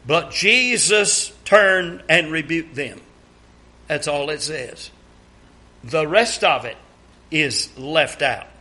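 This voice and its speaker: High, bright-voiced preacher, slow and deliberate. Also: male voice. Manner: reads scripture aloud, asks congregation to read along; deliberate, emphatic rhetorical questions. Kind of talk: sermon.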